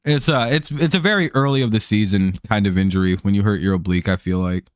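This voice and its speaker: A man's voice: fairly low pitch, fast talker, clean tone, dry recording. A man hosting a live stream, chatting casually over a baseball game, laid-back and joking, with casual swearing.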